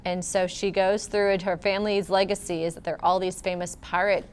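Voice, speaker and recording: A woman, a children's librarian co-hosting a casual chat about books, talking in a relaxed way full of fillers, recorded in a library. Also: mid-range voice, brisk, clear, resonant tone. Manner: relaxed, lots of "like" and "you know" fillers. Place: public library.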